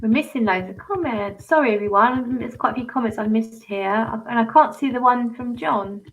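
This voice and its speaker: A woman's voice: on the high side, fairly quick, slight background noise, low-quality recording. A woman hosting a casual livestream chat over a video call, chatty and giggly, reading out viewer comments. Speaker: channel host.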